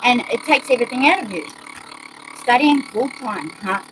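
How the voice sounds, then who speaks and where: A woman's voice: on the high side, lively intonation, moderate pace, noisy background. A woman with a New Zealand accent, ranting agitatedly in a rambling monologue and swearing often.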